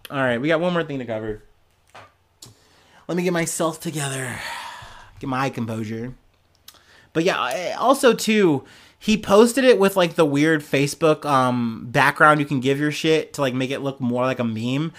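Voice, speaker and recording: A man's voice: a little high, lively intonation, moderate pace, a bit bright. A young man hosting a podcast, giving casual, profane, sarcastic news commentary and often laughing. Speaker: podcast host.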